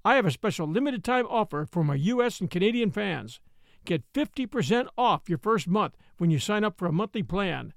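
A male host reading a sponsor spot with upbeat enthusiasm. His voice is high and lively in pitch, recorded dry and close. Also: normal speed, gravelly, no room sound. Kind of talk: scripted ad read.

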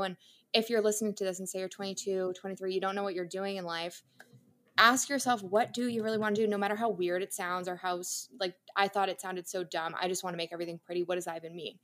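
A young woman sits down as a podcast guest and talks through her story in a loose, conversational way. Her voice sits at an ordinary middle pitch. She is candid and chatty, laughing easily as she goes. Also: fairly even intonation, brisk, a bit bright. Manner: chatty and candid, laughs often, lots of fillers. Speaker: interior designer and content creator, podcast guest. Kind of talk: casual interview storytelling.

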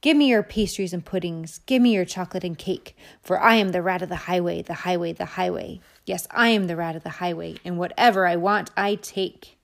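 A greedy, bullying rat highwayman bellows his demands in a boastful sing-song chant, as a woman reading a storybook puts him on. He sounds loud and pushy, set in a fairly low register. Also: brisk, gravelly, few pauses.

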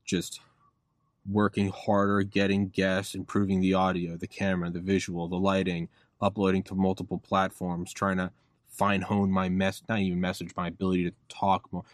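A man in his thirties with a low voice tells long stories as a podcast guest, cursing freely and rambling. He swings from quiet, trailing asides to loud, excited bursts. His close mic sounds dry and intimate. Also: no room sound. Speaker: podcast host being interviewed. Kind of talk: casual interview storytelling.

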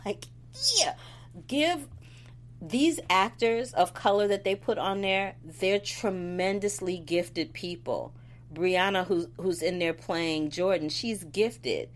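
A woman co-hosting a casual chat about a soap opera, animated and quick to laugh. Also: lowish voice. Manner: animated, laughs often, acts out quotes. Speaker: soap opera podcast co-host.

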